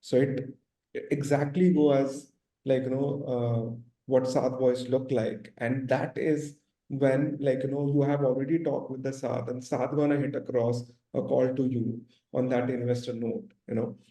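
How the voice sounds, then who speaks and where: A man in a business discussion, speaking halting non-native English with many fillers. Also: mid-range voice, level tone, dark tone. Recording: roomy echo.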